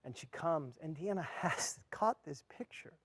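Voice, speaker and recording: Earnest male speaker, slightly high voice, heartfelt storytelling, close dry sound. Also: lively intonation, moderate pace, fairly bright tone, husky, no echo. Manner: earnest storyteller, acts out his own reactions. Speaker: speaker at an education event. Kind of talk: motivational talk with personal story.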